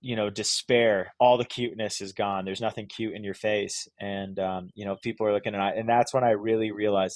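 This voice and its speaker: A man's voice: fairly low pitch, steady tone, fairly quick, hardly any pauses, no room sound. A middle-aged man from Vermont, a podcast guest telling his story in casual, rambling talk full of "like" and restarts. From Vermont, USA. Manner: rambling, lots of "like" and "you know", restarts.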